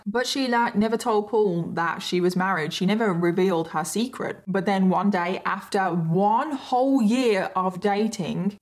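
A British woman hosts a true crime podcast in a chatty, conversational tone. Her voice sits at a middle pitch for a woman, and she often turns to the listener with direct asides while telling the story.

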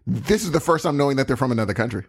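A man's voice: mid-range voice, expressive, rapid-fire, breathy edge. A man co-hosting a casual chat podcast, playful and laughing often. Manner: playful, laughs often, repeats words while puzzling. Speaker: podcast co-host and musician.

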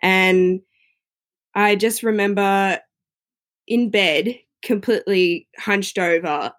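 A woman telling a personal story in a casual, chatty way, often filling pauses with "you know". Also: mid-range voice.

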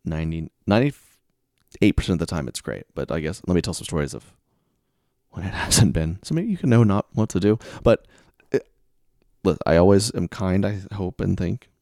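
A man's voice: deep voice, animated, normal speed, a little mellow, no echo, clean studio sound. A man telling stories in a casual monologue, acting out both sides of conversations with sudden exasperated bursts. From American Heartland. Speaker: podcast host.

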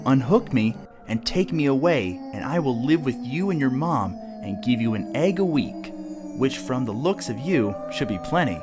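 A man's voice: mid-range voice, animated, moderate pace, music in the background, lightly acted. A man voicing a clever, chatty female duck in a read-aloud storybook, with a slightly raised, friendly voice. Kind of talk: storybook character voice.

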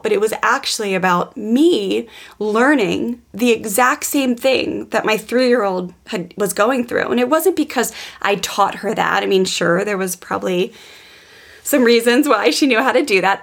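A woman in her thirties hosting a parenting podcast, telling a personal story in a lively way with self-corrections. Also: mid-range voice. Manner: animated, self-correcting, quotes herself. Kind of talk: casual storytelling chat.

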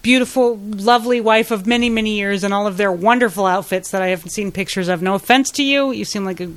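A woman co-hosting a pop-culture podcast, speaking at an ordinary middle pitch. She cuts in with blunt, sarcastic asides and does not hold back her opinions. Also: fast talker. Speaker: podcast co-host. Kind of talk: casual pop-culture chat.

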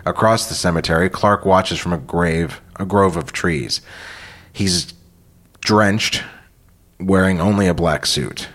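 A man hosting a podcast, reading a screenplay aloud with deadpan, profane asides. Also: deep voice, slow pace. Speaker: podcast host. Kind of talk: script read-through with banter.

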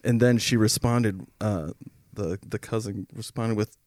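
A man's voice: lowish voice, unhurried, no room sound. A podcast co-host, a man, chatting casually and laughing his way through a funny story. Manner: laughs while telling stories, relaxed interjections. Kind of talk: casual comedic chat.

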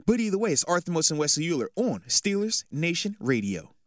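Animated male sports radio co-host. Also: a little high, fairly quick, no room sound, clean studio sound. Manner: animated, slangy. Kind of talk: casual sports talk.

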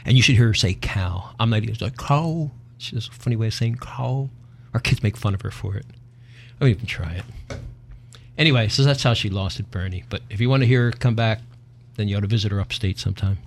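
A man's voice: fairly low pitch, fast talker, gravelly, a little hiss or hum. A man hosting a talk show, chatting in a folksy, opinionated, half-joking way. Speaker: podcast host. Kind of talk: casual talk show banter.

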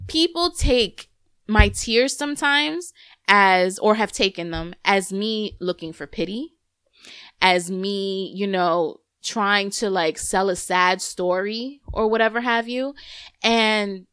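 A woman's voice: mid-range voice, slow pace, clean tone, no echo, clean studio sound. A woman in her thirties hosting a podcast, telling a story in casual, candid chat, cursing freely. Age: 30s. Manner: candid, profane, animated storytelling. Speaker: podcast host.

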